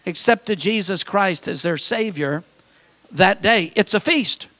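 An older man preaching a sermon, telling folksy stories and building to fervent, shouted appeals. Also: high voice, slow pace. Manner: fervent, rising to shouted calls; folksy storytelling with repeated phrases.

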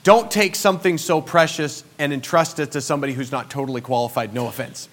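A man in his forties, a pastor, preaching a sermon as a personal story, moving between quiet, intimate passages and loud, emphatic ones. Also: medium pitch, steady tone, fast talker.

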